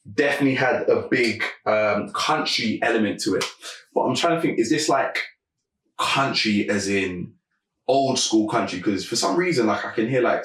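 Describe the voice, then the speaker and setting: A man's voice: lowish voice, a bit bright, distant mic. Musing man in an echoey room. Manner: musing, thinks aloud with many fillers. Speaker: music reaction host. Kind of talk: casual reaction commentary. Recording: echoey room, away from the mic.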